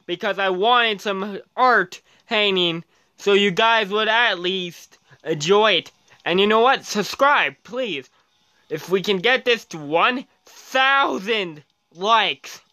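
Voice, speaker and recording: A man from Canada hosting his own gaming channel, giving excitable let's-play commentary and shouting at the game as he races. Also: sits high, clean tone.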